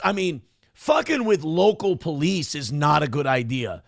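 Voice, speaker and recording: A man's voice: on the high side, big pitch swings, normal speed, creaky, no echo, studio quality. A man hosting a livestream show, reading chat messages aloud and ranting bluntly with lots of profanity. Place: home studio.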